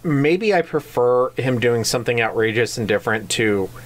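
A podcast co-host in casual book club chat, animated and jokey, given to silly voices. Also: medium pitch, moderate pace.

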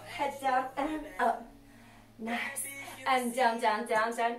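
A woman's voice: high voice, slow pace, far from the mic. An Australian woman leading a comedic workout class livestream, cheeky and sassy as she coaches the moves while exercising. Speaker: fitness instructor. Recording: roomy, off-mic, music behind. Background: workout music.

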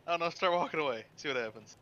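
A man's voice: a little high, very fast, highs cut off. A man casually chatting and laughing while playing a video game with a friend. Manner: excitable, laughing. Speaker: co-player. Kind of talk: casual gameplay chat.

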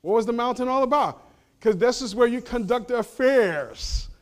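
High-voiced male pastor preaching. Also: animated, normal speed. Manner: preaching with rhetorical questions to the congregation; swings between loud emphasis and hushed low passages. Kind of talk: sermon. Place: church sanctuary.

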